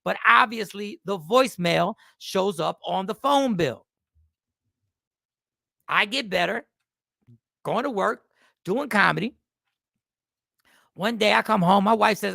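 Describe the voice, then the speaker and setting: A man's voice: high voice, animated, unhurried, creaky, pauses often, sharp tone, dry recording, clean studio sound. A man in his fifties, a comedian and host, telling a rambling, self-mocking story in a casual style.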